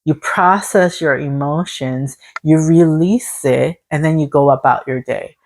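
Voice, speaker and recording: A woman's voice: low voice, a little slow, darkish tone. A woman giving a casual spiritual tarot reading to her viewers. She sounds encouraging and speaks in long, repetitive lists. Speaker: tarot reader.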